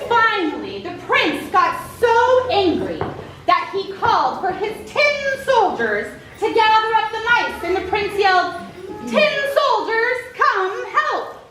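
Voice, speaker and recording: A woman leading a children's show, telling a fairy tale and calling out questions to the kids in an animated way. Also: very high-pitched, a little slow. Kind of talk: interactive storytelling to children. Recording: echoey hall from far off, noisy.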